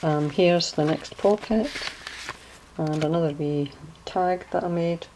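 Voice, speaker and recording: A woman giving a casual craft walkthrough of her handmade journal, chatty and relaxed, often hunting for words and correcting herself. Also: on the low side, measured pace, a little hiss or hum, poor audio.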